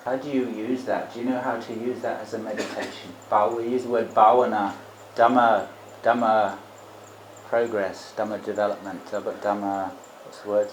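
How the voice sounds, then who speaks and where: A man's voice: lowish voice, little pitch movement, normal speed. A man giving a Buddhist Dhamma talk as a monk teacher, reflective, explaining terms and adding rhetorical tag questions. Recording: roomy echo, faint background noise.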